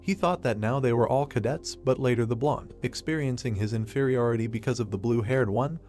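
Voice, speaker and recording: A man narrating a story recap script in a steady, even storytelling voice. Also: mid-range voice, brisk, soft background music.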